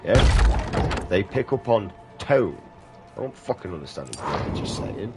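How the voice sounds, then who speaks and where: Streamer type: man with a lowish voice, blunt, swears a lot, rambles, game music underneath. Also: sing-song, slow pace. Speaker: gaming streamer. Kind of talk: casual chat while playing a game.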